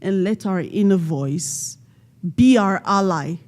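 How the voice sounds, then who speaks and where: A woman giving a motivational talk at a community event, quizzing the audience and leading them in call-and-response with slow, emphatic stress on key words. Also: medium pitch, darkish tone. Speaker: panel speaker.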